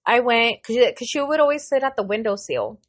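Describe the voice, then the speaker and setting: A woman co-hosting a podcast, telling a story in animated, casual chat and swearing freely. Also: a little high, a little fast. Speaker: podcast co-host.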